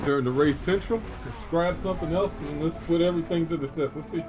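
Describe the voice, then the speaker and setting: A middle-aged man hosting a gaming show, telling stories in a folksy, animated way between laughs. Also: on the high side, fast talker, few pauses, over music, poor audio. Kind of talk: casual storytelling while streaming a game.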